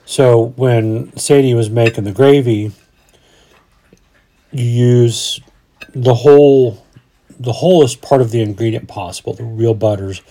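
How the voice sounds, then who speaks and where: A man's voice: mid-range voice, measured pace, long pauses, dark tone. A man in his forties, a podcast host, chatting casually and rambling with frequent restarts. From Colorado, USA. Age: 40s. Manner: rambling, restarts often, folksy. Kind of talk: casual chat.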